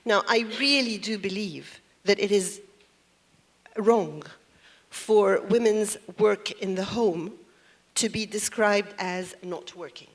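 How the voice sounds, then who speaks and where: Woman on a symposium panel, thoughtful, asks a lot of questions out loud. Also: mid-range voice, takes it slowly. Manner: reflective, poses questions. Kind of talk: panel discussion.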